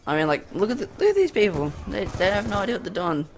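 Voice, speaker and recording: Rambling Australian gamer, slightly high voice. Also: male voice, big pitch swings, quick pace, slight background noise. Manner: rambling, hesitant, full of ums. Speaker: gaming YouTuber. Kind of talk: gameplay commentary. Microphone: cheap USB condenser desk mic.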